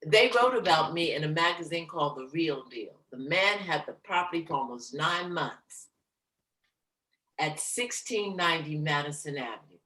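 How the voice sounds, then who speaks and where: A woman jazz singer being interviewed, telling her stories with lively, theatrical flair and acting out the quotes. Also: sits low, moderate pace. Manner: animated, theatrical storyteller who acts out quotes. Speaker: guest, jazz vocalist. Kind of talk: casual storytelling interview. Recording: roomy echo.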